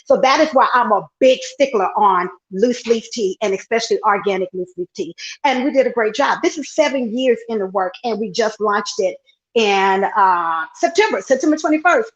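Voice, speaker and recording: Excited Texan woman pitching tea. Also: moderate pace, highs cut off. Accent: Southern US, Texas. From Texas. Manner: exuberant, chatty, sales pitch. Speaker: tea company owner presenting products. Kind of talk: enthusiastic live product demo. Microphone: earpiece, livestream.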